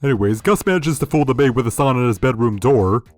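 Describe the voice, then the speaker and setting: A man's voice: mid-range voice, expressive, fast, darkish tone, dry recording, studio quality. A man hosting a critical video review, sardonic and profane. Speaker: video essay host.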